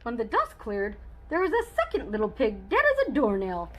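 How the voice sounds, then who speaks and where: A woman's voice: a little high, huge pitch swings, normal speed, fairly bright tone, a little hiss or hum, pitched below the performer's own voice, rough recording. A woman reading a children's book aloud as a chatty, wry male wolf telling his side of the story.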